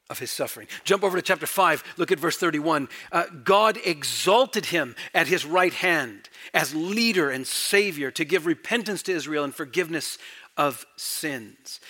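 A middle-aged man preaching an expository sermon, emphatic, repeating key phrases and swinging between loud declarations and hushed asides. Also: on the high side. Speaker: pastor.

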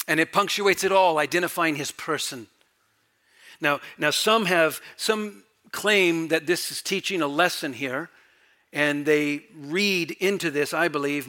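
A middle-aged male pastor preaching verse by verse. His voice is bright and forceful and sits a little high for a man. He drives his points home by repeating them, then drops to a hushed aside. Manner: emphatic, repeats key phrases, swings between loud and hushed. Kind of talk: expository sermon.

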